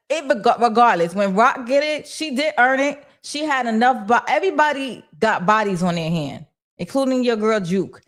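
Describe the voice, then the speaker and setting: A young adult woman hosting a casual livestream, reading viewer comments aloud and answering in lively, slangy talk. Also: medium pitch. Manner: animated and slangy, talks back to chat. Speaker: host of a TV recap livestream.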